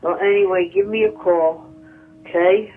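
A woman's voice: on the low side, fairly even intonation, normal speed, phone-quality sound. A woman leaving a phone voicemail, slipping into sing-song baby talk. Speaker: voicemail caller. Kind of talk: phone message.

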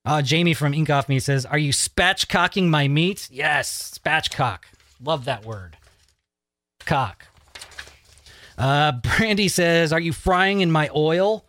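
A man's voice: fairly high pitch, expressive, moderate pace, fairly bright tone. A man hosting a podcast in a loose, joking way, swearing casually as he talks. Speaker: podcast host.

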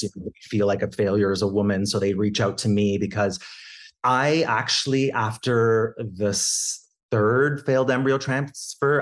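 A man in his thirties from Canada, telling his story as a podcast guest, with lots of restarts and acted quotes of his family. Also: fairly low pitch. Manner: animated, quotes family in raised voice. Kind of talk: conversational storytelling.

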